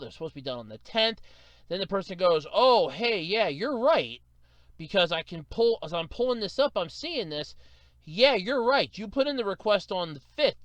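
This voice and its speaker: Male solo podcaster, exasperated storyteller; smooth, clear voice, very animated delivery. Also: high voice, dry recording. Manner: exasperated storytelling, mimics customer service agents. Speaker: podcast host.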